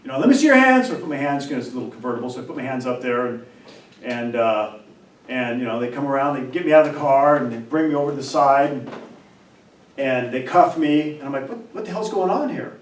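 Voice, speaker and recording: A man, a professor, talking in an animated, emphatic way and telling a story, often repeating and restarting words. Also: medium pitch, quick pace. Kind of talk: animated casual discussion and storytelling. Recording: roomy, distant mic, faint background noise.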